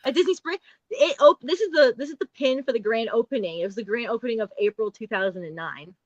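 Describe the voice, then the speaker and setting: A woman joins as a guest in a casual chat. She talks in a relaxed way and often trails off. Her remote audio sounds dry and a little muffled. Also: fairly high pitch, quick pace, no echo. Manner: relaxed, laughs easily, trails off.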